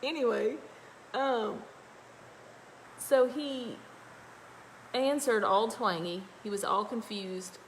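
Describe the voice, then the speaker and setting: A woman's voice: on the high side, slow pace, long pauses, slight background noise, rough recording. A woman with a Louisiana accent, chatting in a rambling, folksy way as she tells a story while doing her makeup. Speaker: makeup vlogger. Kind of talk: casual storytelling livestream.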